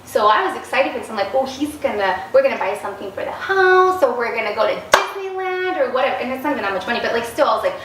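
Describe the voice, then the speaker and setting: A woman's voice: on the high side, lively intonation, very fast, few pauses. A woman guest in a casual interview, telling stories animatedly and acting out the quoted dialogue. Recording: roomy, distant mic, faint noise.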